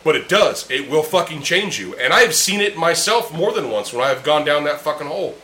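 Blunt, foul-mouthed man with a bright voice. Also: on the high side, expressive, brisk. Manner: blunt, heated, heavily profane. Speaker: podcast host. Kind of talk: casual podcast chat. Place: room with friends over beers. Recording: roomy echo, faint background hum.

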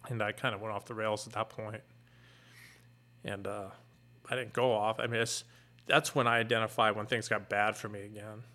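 A middle-aged man, a fire captain, earnestly retelling a painful personal story in a candid, halting way. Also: lowish voice, flat delivery, sharp tone.

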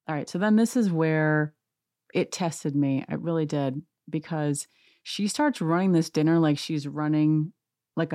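A woman hosting a reality TV recap, talking in a sarcastic, animated rant. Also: lowish voice, no room sound, clean studio sound. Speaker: podcast host.

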